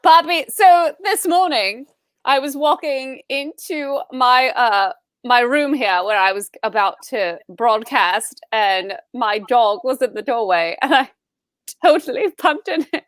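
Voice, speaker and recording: A young woman chatting as a podcast co-host, giggly and excitable as she tells little stories. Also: high voice, takes it slowly, no echo. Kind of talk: casual chat.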